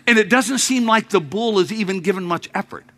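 A man preaching a sermon to his congregation, telling a story with jokes, dropping to quiet murmurs and then rising to loud outbursts. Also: sits high, a little fast. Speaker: pastor. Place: church sanctuary.

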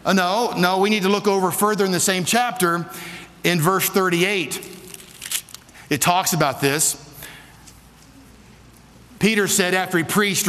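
Man, pastor, emphatic sermon, fairly high voice, long hall reverb. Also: measured pace, pauses often, fairly bright tone. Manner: emphatic, repeats questions to the congregation. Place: church.

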